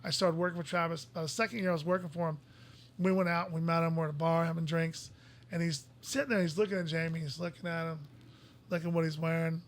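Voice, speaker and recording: A man's voice: on the high side, steady tone. A man co-hosting a podcast, telling stories in casual chat and often repeating words as he goes. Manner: fast storytelling, restarts and repeats words. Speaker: podcast co-host.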